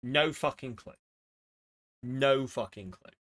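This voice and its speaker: A man's voice: mid-range voice, takes it slowly, a bit bright. A man streaming live, chatting casually with his viewers and swearing freely while he plays word games. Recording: faint music behind.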